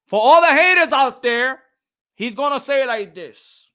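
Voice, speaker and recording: Hyped-up boxing vlogger, high bright voice. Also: male voice, measured pace. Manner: excitable, hyped, laughing trash talk. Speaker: boxing channel host. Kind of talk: casual livestream chat.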